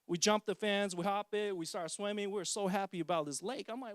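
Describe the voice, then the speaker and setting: A man's voice: high-pitched, fairly quick, no room sound, studio quality. A man in his forties giving a casual personal testimony as a parent, joking and poking fun at himself. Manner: casual, joking, self-mocking storyteller.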